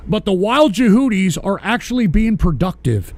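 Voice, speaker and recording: Profane rant host: high-pitched man, dry close mic, berates his audience. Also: sing-song, normal speed, darkish tone, dry recording. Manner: profane, ranting, berating listeners. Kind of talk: live-streamed political rant.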